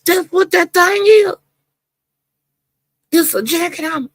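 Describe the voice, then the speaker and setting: A woman hosts a casual livestream, greeting viewers one by one with lively, colloquial exclamations and frequent laughter. Her voice has a gravelly, creaky edge, and the recording is dry and close with no room sound. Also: very high voice, slow, no echo. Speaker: livestream host.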